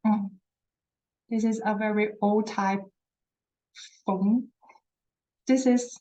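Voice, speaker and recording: Slow, patient woman teaching Chinese. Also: mid-range voice, fairly even intonation, warm tone, dull audio. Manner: repeats words slowly, encouraging, says "very good". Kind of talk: slow, patient language lesson.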